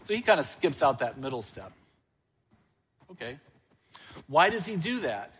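A man's voice: on the high side, sing-song, measured pace, a bit bright, breathy edge, long reverb tail. A male church elder preaching a sermon, asking the congregation questions and answering them himself.

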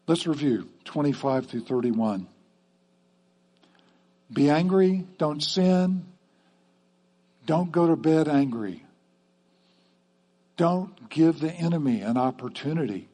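A man's voice: on the high side, expressive, takes it slowly, long pauses, mellow. A man preaching a sermon to his church in a conversational way, often checking in with the congregation with "okay?". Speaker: pastor.

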